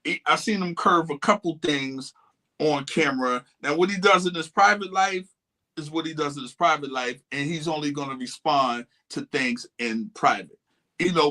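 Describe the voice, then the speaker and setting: A man co-hosting a casual podcast, making his points with emphasis and frequent restarts. His voice sits a little high and sounds bright and forward. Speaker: podcast co-host. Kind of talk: casual chat.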